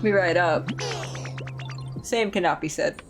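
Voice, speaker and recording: A woman streaming a game, chatting casually and sleep-deprived, playful, rambling and quick to laugh. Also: on the low side, rough recording. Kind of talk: casual gameplay commentary. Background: game music.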